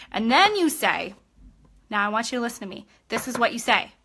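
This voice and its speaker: A woman's voice: on the high side, sing-song, brisk, sharp tone, slightly rough. A young woman giving an upbeat live-streamed coaching talk as a sales team trainer, chatty and constantly checking in with her listeners.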